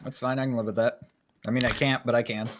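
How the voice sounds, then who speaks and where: A man's voice: medium pitch, little pitch movement, fast. Laid-back rambling man guest. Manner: laid-back, rambling, swears, laughs a lot. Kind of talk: casual chat.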